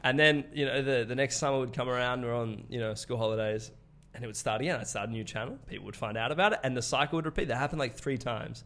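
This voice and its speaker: A man's voice: medium pitch, fast talker, fairly bright tone. A man in his twenties with an Australian accent, a podcast guest telling stories in casual conversation, swearing freely and laughing often. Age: 20s.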